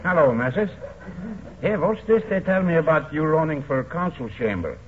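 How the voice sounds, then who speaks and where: A man's voice: fairly high pitch, expressive, moderate pace, close to an everyday voice. A man playing a chuckling lodge janitor in broken English. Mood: teasing. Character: jolly older male lodge janitor, teasing. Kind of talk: 1940s radio comedy acting. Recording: tinny old radio broadcast, faint hiss.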